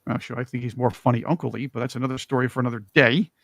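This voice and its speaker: A man hosting a political talk show, opinionated and joking, with emphatic, animated delivery. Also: mid-range voice, rapid-fire, vocal fry, no echo.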